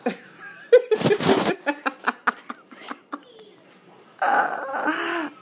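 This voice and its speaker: A woman chatting casually as she plays a mobile game, giggly and quick to apologize. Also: very high voice, lively intonation. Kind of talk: casual gameplay commentary.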